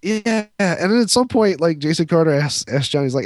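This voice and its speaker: A man's voice: sits high, sing-song, fast, few pauses, darkish tone, dry recording, studio quality. A man co-hosting a podcast, telling a long story in a rambling, profane way, full of fillers and restarts. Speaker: podcast co-host. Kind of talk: casual storytelling chat.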